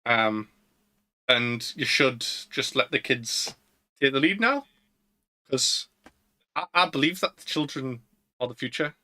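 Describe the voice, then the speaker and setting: A man's voice: mid-range voice, measured pace, long pauses, pushed and bright. A British man co-hosting a podcast in casual chat, rambling and laughing often. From Britain. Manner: giggly, rambling, trails off mid-sentence. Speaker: podcast co-host. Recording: live-streamed podcast.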